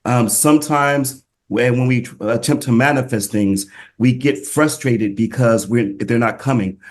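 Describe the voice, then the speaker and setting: A man's voice: mid-range voice, measured pace. A man in a group call sharing a spiritual reflection in a casual, hesitant way, with many ums and restarts. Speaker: group member.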